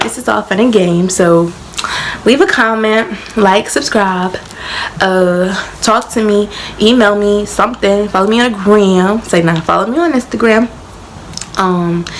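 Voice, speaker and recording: A woman's voice: mid-range voice, a little slow, recorded from a distance, a little hiss or hum. A young woman, joking her way through playful casual explanations. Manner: goofy, playful, chatty. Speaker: vlogger. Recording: roomy sound from off mic.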